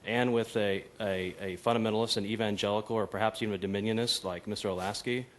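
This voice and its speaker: Man, low pitch, audience questioner, stumbling yet pressing. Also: steady tone. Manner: halting but pressing. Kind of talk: question from the floor.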